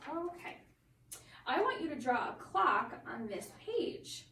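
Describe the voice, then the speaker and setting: A woman working as a speech-language clinician who gives clear, encouraging instructions and explains the tests. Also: high voice, big pitch swings, slow pace, bright, forceful tone, a little hiss or hum. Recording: roomy audio from a distant mic.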